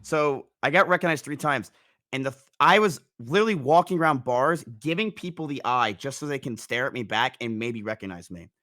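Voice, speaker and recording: A young man in casual chat, telling a rambling, animated story with frequent restarts. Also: mid-range voice, a little fast. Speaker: streamer guest.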